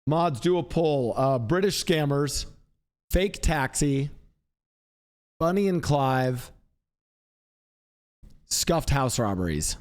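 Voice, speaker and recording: A man's voice: mid-range voice, lively intonation, slow, pauses often. A man streaming live, chatting casually in a rambling, upbeat, self-mocking way. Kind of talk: casual chat.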